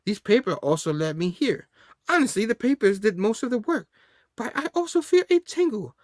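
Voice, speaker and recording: Guy putting on a high squeaky goofy monster, dopey and excitable, bouncing way up and down in pitch. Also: normal speed, no room sound, studio quality. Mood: giddy.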